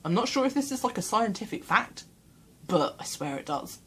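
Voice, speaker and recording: A woman's voice: medium pitch, big pitch swings, moderate pace, a little hiss or hum. A woman in a casual home vlog, chatting in a rambling, self-deprecating way from a small room, speaking into her camera mic. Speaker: vlogger.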